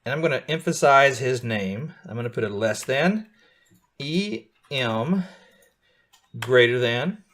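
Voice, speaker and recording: A middle-aged man leads a live beginner coding lesson at an even pitch. He explains each step patiently and keeps asking his students whether they are following along. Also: slow. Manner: patient, checks in often with students. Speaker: coding teacher.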